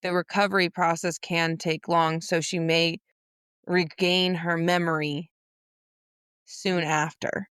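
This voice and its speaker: Woman podcaster, slow careful talker, smooth clear voice, kinda low. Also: flat delivery, fairly bright tone, no room sound, clean studio sound. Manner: measured, thoughtful, swears casually. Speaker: podcast co-host. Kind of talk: casual book discussion.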